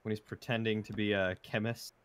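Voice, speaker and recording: A man chatting casually about a film he just watched while doing a jigsaw puzzle with a friend, recounting scenes in a relaxed way. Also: lowish voice, fairly quick, smooth. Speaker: co-host.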